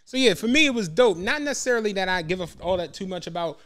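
High-voiced man telling rambling stories. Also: lively intonation, fast talker, a bit bright. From Philadelphia. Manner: rambling storyteller, acts out others' quotes. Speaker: podcast co-host. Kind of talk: casual podcast chat.

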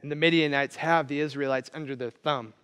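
A male pastor preaching a sermon, telling a story with animated energy and briefly acting out the people he quotes. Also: fairly high pitch, brisk, clean tone, long reverb tail. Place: church.

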